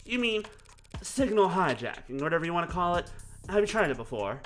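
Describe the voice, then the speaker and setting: A man's voice: high voice, very animated, brisk, fairly bright tone, soft background music. Man reading a sardonic, teasing woman. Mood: probing. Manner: dry and teasing.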